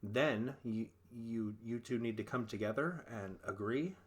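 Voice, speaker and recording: A man's voice: mid-range voice, unhurried. A man co-hosting a marriage podcast, methodically summarizing advice on honesty and boundaries step by step. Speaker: podcast co-host. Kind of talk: relationship advice talk.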